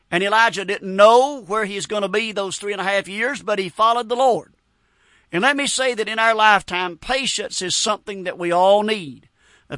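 Bright high-voiced preacher man. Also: dry recording. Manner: earnest, folksy, quotes scripture in King James wording. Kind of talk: sermon.

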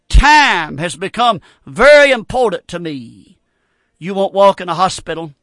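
A man's voice: high-pitched, fairly bright tone, no echo, clean studio sound. A middle-aged man preaching a fervent radio sermon, repeating phrases in a folksy, plainspoken way.

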